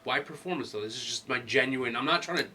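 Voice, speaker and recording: A man's voice: medium pitch, fast, pushed and bright, recorded from a distance. A man playing a tabletop game, casual and curious, asking lots of questions. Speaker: player.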